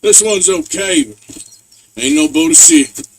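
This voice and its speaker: A man voicing a gruff, weary outlaw in a video game, speaking in a terse, dry, plain-spoken way. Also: fairly high pitch, measured pace, recorded from a distance, a little hiss or hum, lightly acted.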